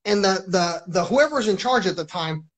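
A man with a fairly high voice hosts his own live stream and talks on at length. His delivery is agitated and full of swearing. He loops back and repeats phrases as he goes. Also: animated, normal speed. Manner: profane, agitated, repeats himself. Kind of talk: rambling live-stream monologue.

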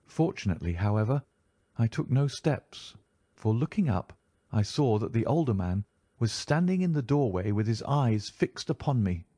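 Guy reading an old detective story aloud, middle pitch, steady measured pace, dry close mic. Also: breathy edge, no room sound. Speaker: audiobook narrator. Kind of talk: scripted story narration.

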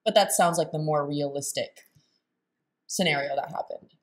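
A young woman talks over a clip she is reacting to, in a voice pitched a little low. She is blunt and sarcastic and swears freely, in the loose tone of casual commentary. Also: moderate pace. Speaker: reaction video host.

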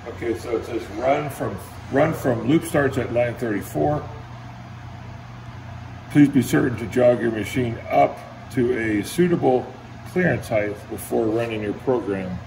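Gravelly man in an echoey workshop. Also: mid-range voice, measured pace. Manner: thinking aloud with restarts, plain and practical. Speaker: maker demonstrating a CNC plasma cutter. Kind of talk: casual workshop vlog. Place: indoor workshop. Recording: roomy echo with steady background noise.

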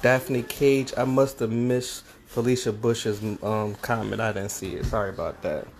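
A man's voice: medium pitch, fairly even intonation, unhurried, a little hiss or hum. A slightly congested man co-hosting a cooking livestream, reading and greeting viewer comments in a friendly, playful way. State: a bit congested. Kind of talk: casual livestream chat.

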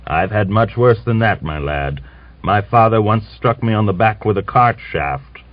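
A man voicing a gruff, fatherly older Cossack farmer who scolds a young soldier, from an old lo-fi recording. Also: on the low side, lively intonation, a little slow.

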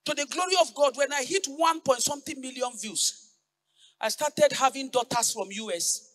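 A woman pastor, preaching a fervent sermon that slips into sung lines and shouted declarations. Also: high-pitched, normal speed.

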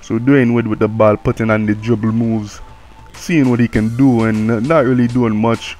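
A man's voice: mid-range voice, normal speed, faint music behind, close to an everyday voice. A man voicing a brash, swearing male game commentator with a put-on Jamaican accent, calling the play live. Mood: mocking. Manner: swearing, mocking, excitable play-by-play.

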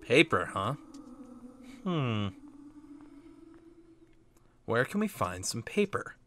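A man's voice: medium pitch, big pitch swings, drawn-out words, a bit bright, a little hiss or hum. A man hosting a video game playthrough, playful and chatty as he comments on what he does. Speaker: let's play host.

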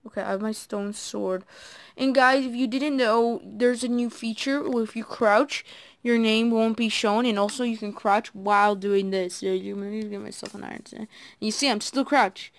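A woman giving casual, excitable commentary while playing a game, talking to her viewers and admitting she is nervous. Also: a little high, moderate pace, vocal fry. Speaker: gaming video creator.

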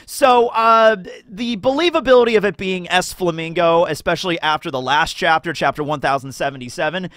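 Animated guy rambling through theory commentary, high-pitched, dry close mic. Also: a little fast, hardly any pauses, dry recording. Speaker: anime theory video host. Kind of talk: casual commentary monologue.

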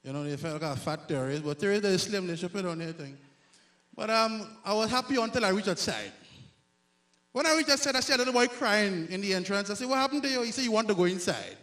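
A man from Grenada with a Grenadian accent, performing a loud, self-mocking stand-up comedy set on stage. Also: high-pitched, fast. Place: live comedy stage before an audience.

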